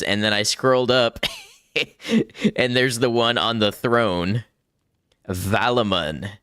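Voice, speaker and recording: A man's voice: mid-range voice, slow pace, a bit bright, clean tone, dry recording, studio quality. A man casually commenting on his game as he plays, thinking aloud and chuckling often. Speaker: gaming streamer. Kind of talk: casual let's-play commentary.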